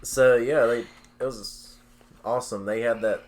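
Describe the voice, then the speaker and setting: A man's voice: mid-range voice, steady tone, a little slow. A man, co-hosting a casual podcast, laid-back and swearing freely, calling everyone dude and bro. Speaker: podcast co-host.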